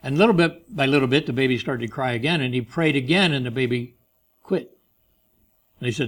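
Emphatic male preacher. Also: mid-range voice. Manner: emphatic, slows and rises on key phrases, drops soft for stories. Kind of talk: sermon.

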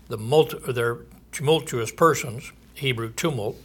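A man's voice: medium pitch, normal speed, fairly bright tone, husky. A man preaching a sermon, reading Bible verses aloud and explaining them conversationally. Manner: reads scripture aloud, then explains it conversationally.

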